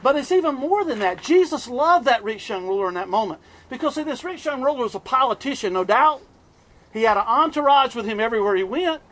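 With a very high voice and a slightly fast pace, a middle-aged East Coast man delivers a sermon full of animated stories and frequent chuckling.

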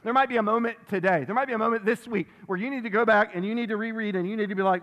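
A pastor delivers his sermon, a man with a voice set high for a man. He talks emphatically, doubling back on phrases to drive them home. His words ring out with a long tail of reverb from a large sanctuary. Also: quick pace, fairly bright tone, highs cut off. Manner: emphatic, repeats phrases for stress; reads scripture aloud. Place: church sanctuary.

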